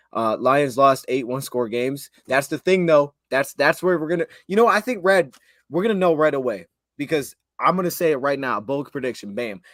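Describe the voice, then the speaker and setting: A man co-hosting a sports podcast in casual chat, talking in an animated way, laughing often and restarting his phrases. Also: medium pitch, no room sound, studio quality.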